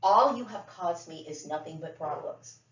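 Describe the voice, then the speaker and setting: A woman's voice: deep voice, animated, normal speed. A middle-aged woman giving an unscripted monologue to camera, talking bluntly, profanely and in circles. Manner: blunt, profane, repetitive ranting. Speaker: vlogger. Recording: roomy, dull lo-fi sound.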